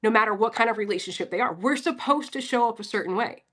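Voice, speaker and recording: A woman's voice: a little high, fast talker, fairly bright tone. A woman from Philadelphia giving a casual, profane pep talk on a livestream and answering her chat. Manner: blunt, profane, talks straight to chat.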